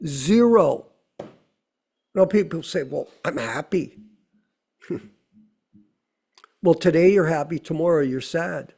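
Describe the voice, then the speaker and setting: A man's voice: high-pitched, darkish tone. A middle-aged man giving a conversational sermon, full of rhetorical questions. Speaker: temple speaker.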